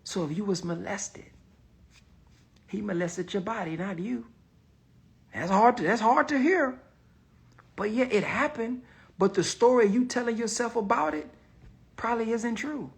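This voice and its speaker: A man's voice: high voice, measured pace, gravelly, pauses often, slightly rough. A man talking casually to camera as an online business coach, reflective and emphatic, sometimes dropping to a near whisper. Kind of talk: casual motivational vlog talk.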